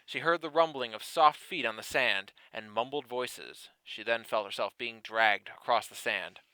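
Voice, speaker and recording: Bright, dry-voiced man reading mock-seriously. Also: mid-range voice, normal speed, smooth, dry recording, rough recording. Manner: mock-serious narration broken by laughing asides. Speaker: podcast host reading fan fiction aloud. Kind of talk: comedic dramatic reading.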